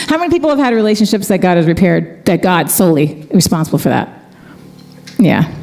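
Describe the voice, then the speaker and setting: A woman's voice: fairly low pitch, animated, normal speed, creaky, darkish tone. Chatty middle-aged woman worship leader. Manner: chatty, heartfelt, laughs easily. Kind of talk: casual storytelling between songs at a church concert. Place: church event space.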